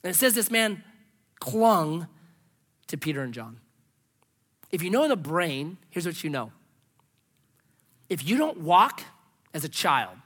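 A male pastor delivering a lively sermon, his high, bright voice leaping up and down as he acts out the people in his stories. He shifts from loud, excited outbursts to quiet, almost whispered asides. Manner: animated storytelling, acts out dialogue, swings from loud to hushed.

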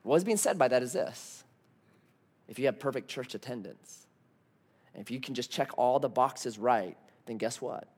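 A man's voice: medium pitch, animated, normal speed, a little mellow, breathy edge. A man preaching a sermon as pastor, conversational, telling stories and asking the congregation rhetorical questions.

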